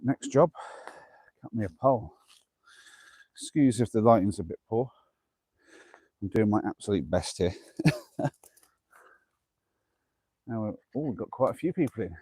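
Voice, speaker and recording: A man's voice: fairly low pitch, mellow, slightly rough, no echo. A man live-streaming a camping vlog outdoors at night, chatty and self-deprecating, talking through each task and huffing from the effort. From England. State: huffing from exertion. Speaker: camping vlogger.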